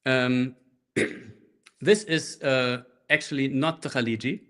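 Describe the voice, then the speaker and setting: A man teaching a live online handpan workshop through a laptop microphone, explaining rhythms in a relaxed way and speaking rhythm syllables while he plays. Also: medium pitch, takes it slowly. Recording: laptop mic with handpan music. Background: handpan playing.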